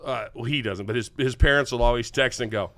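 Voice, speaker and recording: An older man, hosting a podcast and telling an animated, laughing story. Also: mid-range voice, brisk. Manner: animated, laughing, acts out quotes. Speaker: podcast host. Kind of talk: casual storytelling chat.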